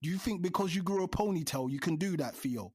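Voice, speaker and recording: A man, a guest on a football fan podcast, talking in an animated, exasperated way. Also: sits high, quick pace, a crowd in the background. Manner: animated, exasperated, says bruv a lot. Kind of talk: heated fan podcast rant.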